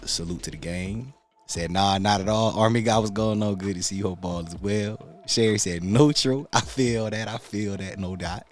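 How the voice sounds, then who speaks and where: A man's voice: lowish voice, normal speed. A man hosting a casual livestream, greeting viewers by name in laid-back slangy talk. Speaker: livestream host.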